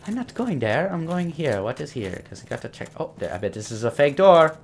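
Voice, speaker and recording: A young gameplay commentator rambles through casual let's-play commentary, joking and swearing at enemies as he plays. His voice is a little high and gravelly, with big pitch swings and a brisk pace. There's slight background noise.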